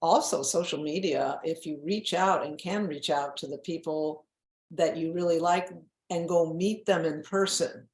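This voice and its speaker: A woman in her seventies talks as an interview guest, candid and self-mocking, with frequent laughs. Her voice sits a bit low. The room around her is echoey. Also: measured pace, darkish tone. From New England. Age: 70s. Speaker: guest author. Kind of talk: casual interview chat.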